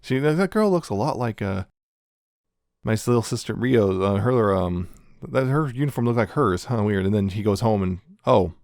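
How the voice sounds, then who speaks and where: Podcast co-host, male, lowish voice, dry close mic, loose rambling recaps. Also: expressive, darkish tone, no room sound. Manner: rambling, recaps plots with quick acted quotes and laughs. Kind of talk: casual chat reviewing anime.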